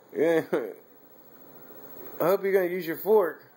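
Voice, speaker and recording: A man's voice: on the high side, drawn-out words, darkish tone. A man feeding his young child at home, coaxing him to say words and laughing often. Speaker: father feeding his toddler. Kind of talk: casual home video chat.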